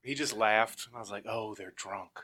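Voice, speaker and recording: A man's voice: on the low side, normal speed, pushed and bright. A man on a podcast telling rambling stories and cracking profane jokes in casual chat. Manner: joking, profane, rambling asides. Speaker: podcast co-host.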